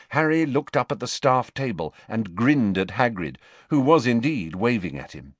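A man with a mid-range voice reads a novel as its audiobook narrator, measured and expressive throughout. The scripted narration carries no room sound.

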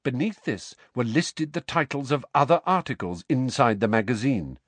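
A man narrating a storybook, expressive and shifting voices for the characters. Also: medium pitch, moderate pace, no room sound. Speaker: audiobook narrator.

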